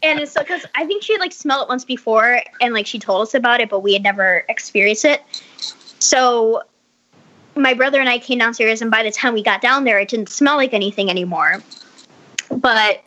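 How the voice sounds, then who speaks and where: A woman's voice: on the high side, fairly quick, bright, forceful tone, lo-fi sound. A woman telling a story in casual chat over a video call, rambling and full of likes and restarts. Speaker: podcast guest telling a story.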